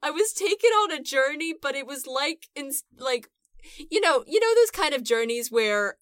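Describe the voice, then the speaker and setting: A woman hosts a casual podcast, laughing easily and swearing in passing. Her pitch swoops a lot and sits a touch high. The sound is dry and close. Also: animated, moderate pace, fairly bright tone, dry recording. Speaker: podcast host.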